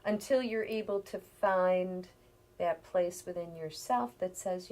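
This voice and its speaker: A middle-aged woman, a healer, explaining things calmly in a conversational interview, sometimes dropping to a near-whisper. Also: on the low side, slow pace.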